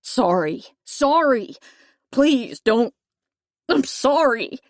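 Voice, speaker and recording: A woman reading a storybook voices a young man held captive, first shouting at his captors and then begging. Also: sits high, a little slow, no room sound, clean studio sound. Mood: pleading.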